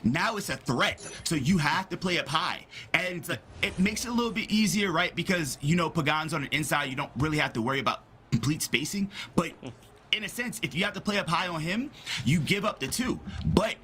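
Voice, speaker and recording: A man in his thirties giving excitable live analysis of an esports basketball match. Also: on the high side, fairly quick, slight background noise. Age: 30s. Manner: excitable, breaks into laughter. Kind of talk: live game analysis commentary.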